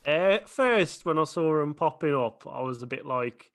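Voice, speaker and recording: A man, a guest on a video call, chatting in a relaxed, giggly way. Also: on the high side, normal speed. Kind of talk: casual chat.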